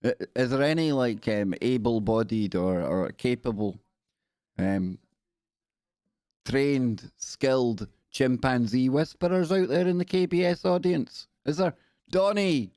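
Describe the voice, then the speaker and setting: A man hosts a livestream and riffs on news stories in a joking, rambling way. His voice sits mid-pitch, and the sound is dry and close to the mic. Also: a little slow, no room sound. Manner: joking, rambling, animated asides. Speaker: livestream show host. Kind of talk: comic news commentary.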